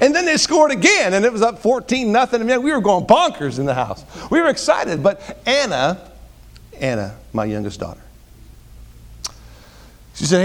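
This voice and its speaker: High-voiced pastor swinging loud to hushed. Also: male voice, animated, fairly quick. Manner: wide swings from loud emphatic peaks to hushed low asides; repeats words and restarts phrases. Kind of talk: sermon.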